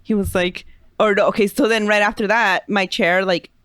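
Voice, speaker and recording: A woman's voice: mid-range voice, steady tone, normal speed, a bit bright, dry recording, studio quality. A woman co-hosting a podcast, chatting casually and dramatically, with Spanish slipping in. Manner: dramatic, laughing, sprinkles Spanish. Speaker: podcast co-host. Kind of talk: casual chat.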